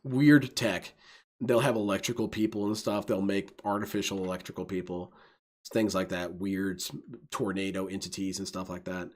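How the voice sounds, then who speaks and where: A man's voice: deep voice, flat delivery, moderate pace, a little mellow. A man giving enthusiastic, rambling let's-play commentary, often laughing. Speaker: gaming video host.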